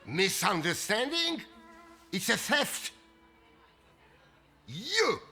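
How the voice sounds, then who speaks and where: An actor playing a frantic, theatrical male bookseller who shouts and wails over a stolen book. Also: very animated, extremely slow, faint music behind, heavily acted. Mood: outraged. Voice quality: shrill and melodramatic.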